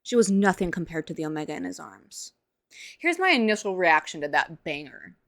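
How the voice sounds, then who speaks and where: A young woman host giving sarcastic, comedic commentary with deadpan asides. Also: on the low side, brisk, no room sound, studio quality.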